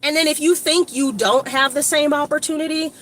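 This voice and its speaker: A woman from Evanston, Illinois, giving a casual, rambling motivational talk to her phone camera outdoors, slangy and animated with lots of asides. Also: high-pitched, fairly quick. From Evanston, Illinois, USA. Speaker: motivational vlogger. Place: outdoors by a street with shops. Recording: outdoor traffic noise.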